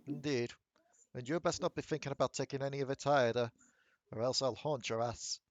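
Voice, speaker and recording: A man voicing a stuffy, haughty male ghost gentleman, clipped and disdainful. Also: mid-range voice, steady tone, brisk, no echo, dull audio, close to an everyday voice.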